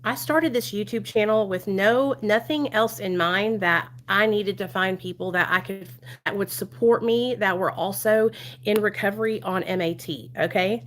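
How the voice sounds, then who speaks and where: A woman's voice: medium pitch, fairly bright tone, slight background noise. A woman in her thirties with a Southern US accent, chatting casually and affectionately on a live stream from home, laughing often.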